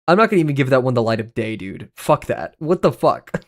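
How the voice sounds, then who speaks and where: Man, streamer, casual livestream chatter, profane, jokey, rambling, middle pitch. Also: big pitch swings, brisk.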